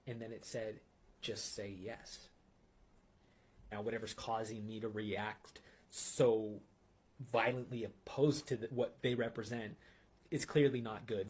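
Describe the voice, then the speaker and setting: A man telling a personal testimony in an intense, earnest way, sometimes dropping to a hushed whisper. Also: fairly low pitch, a little hiss or hum.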